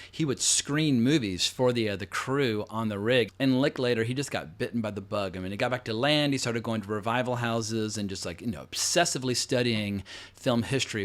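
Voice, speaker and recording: A man in his forties hosting casual film commentary, talking in a rambling, conversational way full of asides. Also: medium pitch. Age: 40s. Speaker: host.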